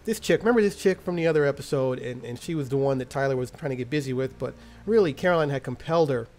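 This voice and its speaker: A man's voice: mid-range voice, fast talker, darkish tone, soft background music. A man casually recapping a TV episode in a slangy, crude, jokey way. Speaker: TV episode reviewer.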